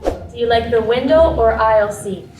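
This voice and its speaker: A woman off camera asking short, plain interview questions in a brisk manner. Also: a little high, far from the mic, over music, poor audio.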